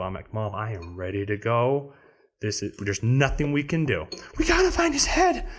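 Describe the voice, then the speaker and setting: A man on a podcast telling a story in casual chat, acting out other people with sudden high voices. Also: a bit bright. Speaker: podcast co-host.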